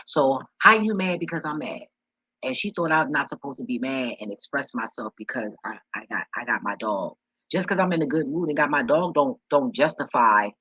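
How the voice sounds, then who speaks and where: A man's voice: medium pitch, bright, forceful tone, husky, dry recording, poor audio. A man vlogging in casual chat, rambling with frequent swearing and repeated words.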